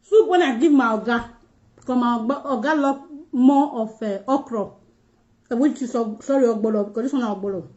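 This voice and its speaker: A woman's voice: fairly high pitch, a little fast, darkish tone, lo-fi sound. A Nigerian woman hosting a casual livestream, chatting with viewers in pidgin-flavoured English while she eats. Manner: chatty, mixes pidgin, addresses viewers directly. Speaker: livestream host.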